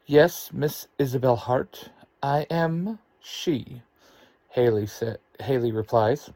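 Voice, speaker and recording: A man's voice: medium pitch, slow, mellow, no room sound. A man narrating his own fan story aloud and reading every character's lines in his own voice.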